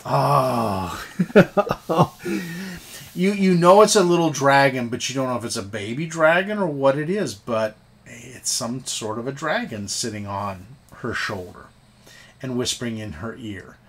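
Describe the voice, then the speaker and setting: A man narrating a tabletop game as game master, halting and often repeating words. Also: medium pitch, animated, husky.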